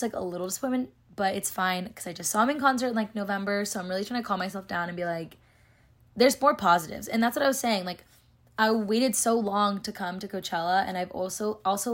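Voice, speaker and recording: Young woman, late teens to early twenties, vlogger, fast, chatty, filler-heavy delivery. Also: medium pitch. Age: young adult. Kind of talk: casual storytelling vlog.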